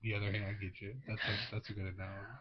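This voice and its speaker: A man's voice: fairly low pitch, rapid-fire, breathy edge. A man co-hosting a casual movie review podcast as a father, easygoing and asking clarifying questions. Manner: relaxed, affirming, asks clarifying questions. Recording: dull lo-fi recording.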